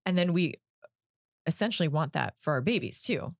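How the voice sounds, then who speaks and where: A woman's voice: low voice, lively intonation, moderate pace, no room sound, studio quality. A woman psychologist who is a guest on a podcast, explaining earnestly and often checking in with "right?". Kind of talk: casual podcast chat.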